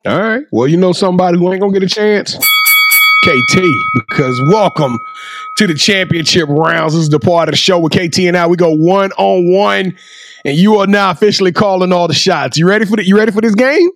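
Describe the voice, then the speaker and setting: A man's voice: sits high, a little fast, faint music behind. A man hosting a casual sports interview, playful and hyping up his guest, often repeating words as he talks. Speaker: host.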